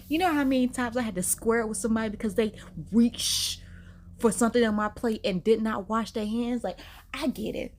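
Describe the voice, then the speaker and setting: A woman, giving sassy, emphatic commentary as she hosts a reaction video. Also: fairly high pitch. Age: 30s. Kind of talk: casual animated commentary.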